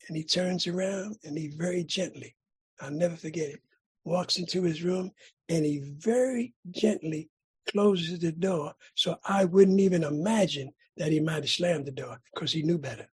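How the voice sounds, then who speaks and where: A middle-aged man from California sharing his recovery story at a meeting, telling it dramatically with sudden loud bursts and rhythmic repetition. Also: sits high, normal speed, husky. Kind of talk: personal recovery testimony.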